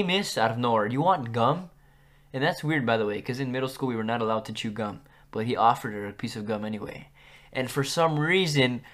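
A young man hosting a podcast, telling school stories in a casual, animated way and acting out what people said. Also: medium pitch. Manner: animated, acts out quotes with big jumps in loudness. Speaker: podcast host. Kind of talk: casual storytelling.

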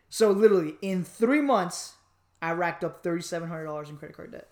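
A man from Miami telling a personal story in a casual podcast chat, animated and joking, with lots of fillers. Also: sits high, a little fast. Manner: animated, joking, acts out voices, many fillers. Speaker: podcast co-host.

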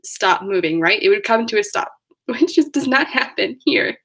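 A woman's voice: medium pitch, animated, moderate pace, fairly bright tone. A woman chatting casually as a podcast co-host, recapping a movie plot and laughing often.

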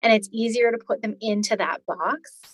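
A woman's voice: on the high side, moderate pace, husky. A woman in her forties telling her own story in an interview, earnest and detailed. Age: 40s. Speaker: podcast guest.

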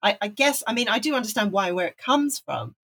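A woman's voice: medium pitch, animated, a little fast, bright, forceful tone, breathy edge. A woman co-hosting a casual music chat, chatty and opinionated, correcting herself as she goes. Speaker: podcast co-host.

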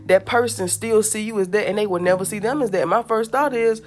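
A woman's voice: a little high, fast, faint music behind. A woman hosting a podcast, telling personal stories in a blunt, candid, casual way and often addressing listeners directly. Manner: blunt, candid storytelling, repeats "I'm telling y'all". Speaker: podcast host. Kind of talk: casual monologue.

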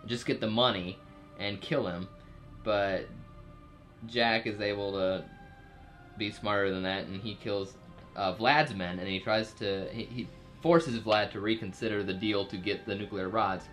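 A man's voice: lowish voice, steady tone, a little slow, a bit bright, faint music behind. A man casually recapping a TV episode's plot for a podcast, rambling with fillers and jokey asides. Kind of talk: casual chat.

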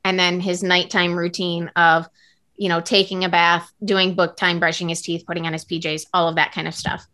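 A woman's voice: fairly low pitch, little pitch movement, normal speed, sharp tone. A woman co-hosting a podcast, chatting earnestly and casually with lots of fillers. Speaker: podcast co-host. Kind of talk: casual chat.

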